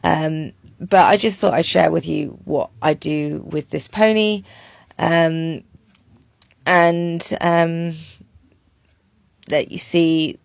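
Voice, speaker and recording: A woman talking over her own horse training footage in a relaxed, chatty way, with many ums. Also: low-pitched, vocal fry, no room sound.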